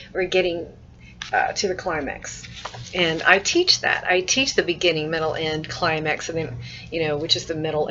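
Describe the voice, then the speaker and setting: A woman teacher with a bright, forceful voice and a slightly low pitch walks through a recorded mini-lesson, repeating herself as she builds each point. The sound is muffled, like a lo-fi laptop webcam recording, with faint noise underneath. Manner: explains through examples and acts out sample lines; repeats and restarts phrases while thinking aloud. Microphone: laptop webcam mic.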